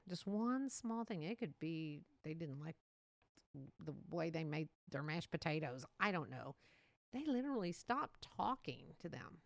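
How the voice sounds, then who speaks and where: Woman, podcast host, casual solo talk, very lively pitch, chatty, laughs a lot. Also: dry recording. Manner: chatty and animated, often laughing and acting out quotes.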